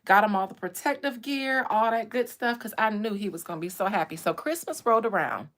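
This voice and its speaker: A woman hosting a casual livestream, telling stories in a candid, animated way with blunt language. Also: medium pitch, a little fast. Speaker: real estate agent and livestream host.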